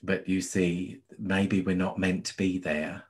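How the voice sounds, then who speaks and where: A man from the UK speaks as an interview guest in a very deep voice. He talks softly and soothingly and keeps adding "you see". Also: little pitch movement, slow. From United Kingdom. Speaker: guest, spirit medium. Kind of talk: casual interview chat.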